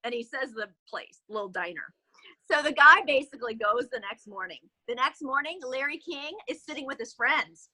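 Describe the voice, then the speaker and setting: A woman sales director telling a motivational story in an animated way, with fillers, on a video call. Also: sits high, normal speed, husky, no room sound, rough recording.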